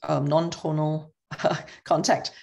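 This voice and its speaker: A woman lecturing in a slightly low voice. She explains things patiently and step by step, often checking in with a quick "okay". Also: little pitch movement, vocal fry, darkish tone, highs cut off. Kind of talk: academic lecture.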